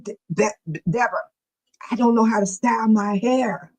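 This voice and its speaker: A woman's voice: on the high side, normal speed, a little mellow, low-quality recording. An older woman, a grandmother, chatting casually with viewers on her livestream, telling stories and laughing often. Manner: addresses viewers by name. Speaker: livestream host.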